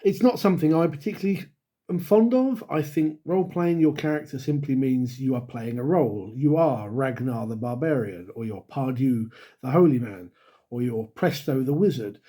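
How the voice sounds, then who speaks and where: Mellow-voiced middle-aged man giving wry opinions. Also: mid-range voice, normal speed. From United Kingdom. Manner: wry, candid, with sighs and dry asides. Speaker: YouTube host and dungeon master. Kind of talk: opinionated solo talk to camera.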